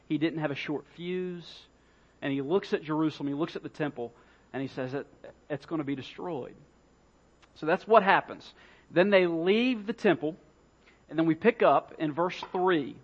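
A man's voice: on the high side, muffled recording. A man, a pastor, preaching a sermon in a conversational way, often repeating key phrases for emphasis.

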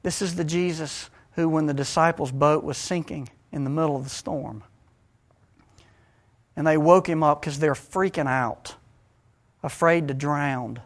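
A man preaching a sermon, swinging dramatically between hushed, low passages and loud ones. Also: measured pace.

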